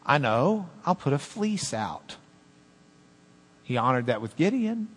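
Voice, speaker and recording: A man preaching a sermon as pastor, animated, with swings between loud emphasis and hushed asides. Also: on the high side, takes it slowly, long reverb tail.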